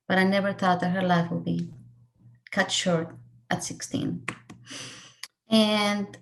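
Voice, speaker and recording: Middle-aged woman from mexico, earnest heartfelt testimony, voice swells and drops with feeling. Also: medium pitch. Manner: earnest, emotional, voice rising and falling with feeling. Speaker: speaker sharing her story. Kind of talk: emotional personal testimony.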